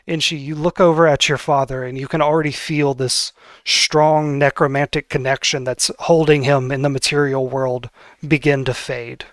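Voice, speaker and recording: A man's voice: mid-range voice, flat delivery, moderate pace, no echo, studio quality. A man narrating as game master, easygoing and conversational.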